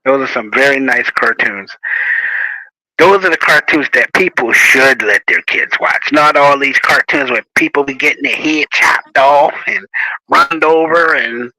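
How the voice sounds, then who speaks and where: A man chatting casually as host, telling animated stories and laughing often. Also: mid-range voice, measured pace, dry recording, low-quality recording. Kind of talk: casual chat.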